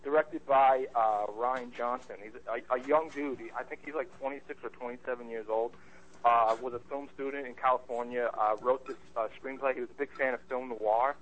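A man's voice: mid-range voice, fairly even intonation, fairly bright tone. An eager man talking films, lo-fi. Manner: enthusiastic, halting with many restarts. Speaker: podcast co-host, movie reviewer. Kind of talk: casual chat.

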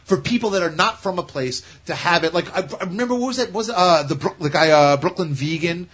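A man's voice: high-pitched, brisk, a bit bright. A man from Staten Island, ranting sarcastically in a casual podcast chat. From Staten Island, New York. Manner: ranting, sarcastic, swears freely.

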